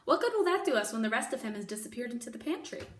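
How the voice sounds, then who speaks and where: A woman voicing a loud, bossy woman cook who shouts orders impatiently, in an echoey room with the mic at a distance. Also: fairly high pitch, expressive, normal speed, natural voice. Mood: scolding.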